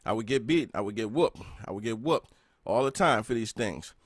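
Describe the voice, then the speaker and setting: A man's voice: on the low side, lively intonation, moderate pace, dry recording. Earnest man telling his story, dry sound. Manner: earnest, with frequent "right?" check-ins. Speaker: podcast host. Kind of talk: personal storytelling on a podcast.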